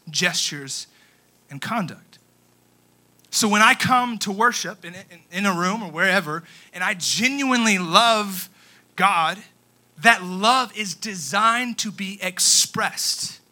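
A young male youth pastor delivers a sermon with lots of energy. His voice sits high and bright. He slows down for emphasis and swings between hushed and booming. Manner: animated preaching, swinging from soft to loud with emphatic pauses.

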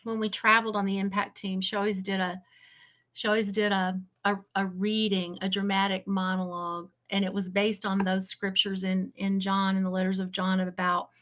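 A woman's voice: medium pitch, level tone, normal speed, a bit bright. A woman being interviewed, telling her story in an earnest, emotional way and fighting back tears. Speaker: ministry founder and guest.

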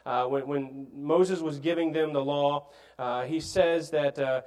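A man preaching a sermon, explaining scripture earnestly with frequent pauses, fillers and restarts. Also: on the high side, fairly even intonation, a little mellow, poor audio.

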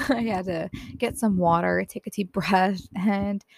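Teen girl host, earnest and soft-spoken, tired and teary, slightly gravelly, dry close sound. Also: medium pitch, takes it slowly, no room sound. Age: teens. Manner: earnest, self-deprecating, laughs often, soft-spoken. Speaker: podcast host. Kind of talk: personal reflective talk.

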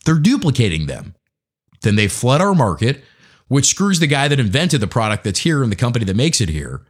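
A man's voice: medium pitch, big pitch swings, fairly quick, slightly rough. An American man hosting a podcast, delivering a profane, conversational opinion rant. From United States. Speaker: podcast host. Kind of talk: opinion monologue.

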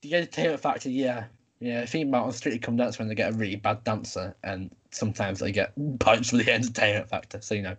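A man's voice: lowish voice, fast talker, fairly bright tone, slightly rough. A young man hosting a casual podcast chat, running a quiz game in an upbeat, announcing way. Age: young adult. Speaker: podcast host.

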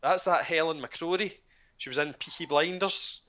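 Casting note: man, bright tense voice, opinionated podcast co-host. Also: on the high side, normal speed. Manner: animated, opinionated, swears casually. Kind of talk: casual chat about a TV show.

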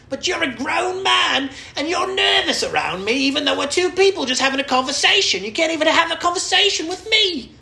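A man putting on a shrill, exaggerated voice for a male rock guitarist who berates a nervous fan. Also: vocal fry, pushed and bright, echoey room, heavily acted.

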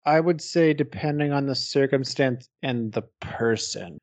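A man's voice: mid-range voice, measured pace, a little mellow, dry recording. Rambling frank man, dry sound. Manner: rambling, frank, loose with swearing. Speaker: podcast co-host. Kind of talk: casual chat.

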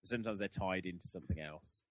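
A young male podcast host rambles through a casual chat at a quick pace, joking at his own expense. His low voice has a fairly bright tone and is miked close and very dry, with no room sound or echo.

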